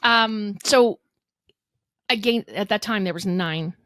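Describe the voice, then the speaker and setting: A woman in her fifties, a mayor from Canada, telling animated stories in an interview and acting out what people said. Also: medium pitch, slow, dry recording, studio quality. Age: 50s. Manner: animated retelling with acted-out quotes. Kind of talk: storytelling interview guest.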